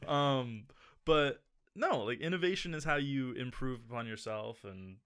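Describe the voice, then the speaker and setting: A man's voice: medium pitch, animated, a little slow, a bit bright, clear, resonant tone. A man co-hosting a casual podcast, rambling and joking with lots of fillers. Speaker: podcast co-host. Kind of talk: casual chat.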